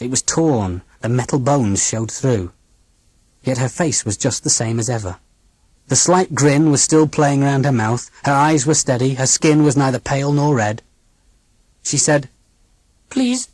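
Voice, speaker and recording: An audiobook narrator telling a first-person story in a dramatic, expressive reading. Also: mid-range voice, a little slow, no echo.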